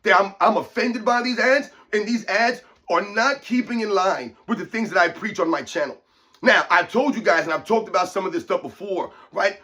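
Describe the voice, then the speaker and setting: High-voiced man ranting emphatically. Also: moderate pace, pushed and bright. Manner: emphatic, repetitive, keeps addressing viewers as guys. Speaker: fitness channel host. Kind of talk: opinion rant to viewers.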